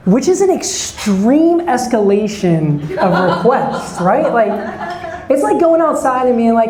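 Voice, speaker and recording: A man's voice: high-pitched, big pitch swings, a little slow, roomy sound, crowd noise, poor audio. A man in his forties doing a stand-up set, chatting and bantering with the audience from a club stage. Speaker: stand-up comedian. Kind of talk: stand-up set with crowd work.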